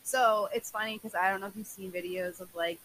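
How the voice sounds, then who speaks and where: Chatty bright-voiced woman. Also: medium pitch, steady tone, brisk, low-quality recording. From New England. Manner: laughs often, chatty. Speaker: podcast co-host. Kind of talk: casual chat. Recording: faint hiss.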